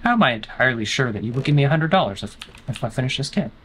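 A man's voice: mid-range voice, expressive, rapid-fire, a bit bright, a little hiss or hum. A man streaming a horror game, joking and talking back to the game's characters in playful commentary.

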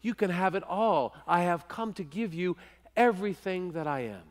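A preacher voicing a tender bridegroom offering everything. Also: male voice, high-pitched, expressive, normal speed, long reverb tail. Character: Christ as loving bridegroom, tender man. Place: church sanctuary.

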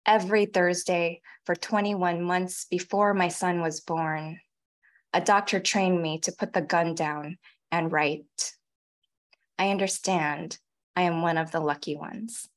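Woman, 40s, poet; deliberate readings, fast halting asides, heard over a video call. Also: lowish voice, fairly even intonation. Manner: measured, deliberate delivery of poems; quick, halting chat between them. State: tearful, voice catching. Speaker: featured poet. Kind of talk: poetry reading with spoken asides.

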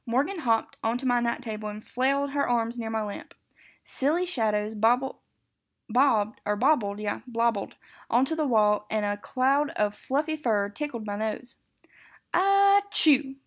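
A woman's voice: a little high, normal speed. A woman teacher reading a picture book aloud. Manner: expressive, with some self-corrections.

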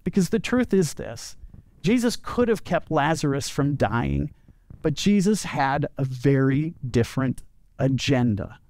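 A man's voice: medium pitch, animated, a little slow, a little mellow. A man preaching a sermon as pastor, telling a story earnestly and often repeating words as he goes. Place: church.

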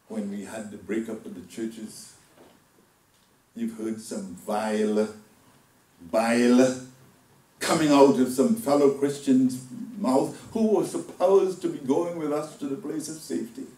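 A man delivering a sermon as a deacon, swinging between loud outbursts and hushed asides. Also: mid-range voice, animated, unhurried, roomy sound, distant mic, a little hiss or hum, poor audio. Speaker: deacon preaching. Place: church hall.

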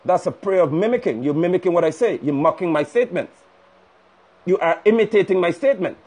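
A man's voice: high voice, animated, fairly quick, darkish tone, husky. A male preacher delivering a fiery, scolding sermon live over a phone stream. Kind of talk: sermon on a livestream. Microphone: phone livestream.

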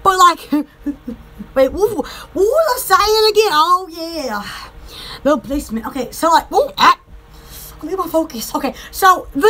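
A woman's voice: very high-pitched, bright, forceful tone. A woman with a Southern US accent, from Alabama, chatting on a live stream to sell from her shop, giggly and rambling. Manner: giggly, rambling, easily distracted. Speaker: online shop seller. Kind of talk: casual live-stream chat.

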